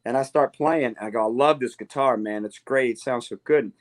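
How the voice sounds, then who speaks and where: Male interview guest, animated storyteller, mid-pitched voice, acts out the quotes, casual podcast chat. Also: brisk. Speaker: guitarist guest.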